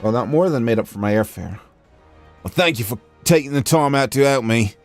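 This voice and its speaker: A man putting on a brash, gruff tavern keeper with a slangy attempted Cockney accent, read aloud from a fantasy game. Gravel in the attitude rather than the voice, mid-pitched, cocky and blunt, with soft game music playing behind. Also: lively intonation, brisk, lightly acted. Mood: wry. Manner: rough, swaggering, slangy. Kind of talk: reading game dialogue aloud on a stream.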